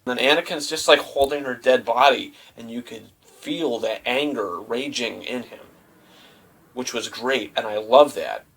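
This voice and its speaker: A young man casually reviewing a movie, retelling scenes in a rambling, animated way with lots of fillers. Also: mid-range voice, measured pace, poor audio.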